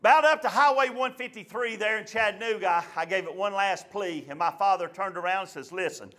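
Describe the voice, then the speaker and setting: A stand-up comedian performs an animated story for a live audience at a comedy show, mimicking the voices of his family members. He speaks in a high voice, briskly and with few pauses.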